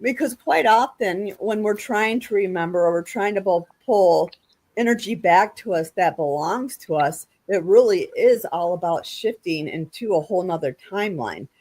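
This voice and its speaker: A woman hosts a casual panel chat over a video call, with a voice of ordinary middle pitch. She explains at length and often restarts her sentences. Her tone stays conversational throughout. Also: animated, normal speed, darkish tone. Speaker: podcast host.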